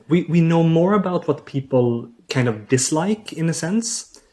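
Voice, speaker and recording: A man's voice: on the high side, animated, unhurried, a little mellow. Hesitant man explaining. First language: Swedish. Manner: hesitant, many uh fillers and restarts. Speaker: language researcher, guest. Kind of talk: explaining in an interview.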